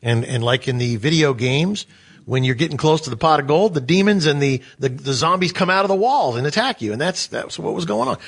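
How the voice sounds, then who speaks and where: A man with a fairly high, bright, husky voice tells a story in a casual talk show, swinging his pitch up and down as he acts out the people in it. His delivery is animated and chatty. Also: fairly quick. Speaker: co-host.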